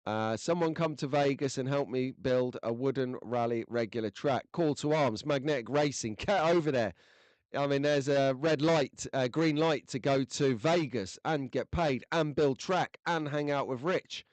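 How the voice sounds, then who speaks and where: At a normal speed and in a mid-range, darkish voice, a man chats with his livestream viewers, reading comments and rambling jokily with plenty of fillers. A desk mic sits close to his face, and there's no room sound.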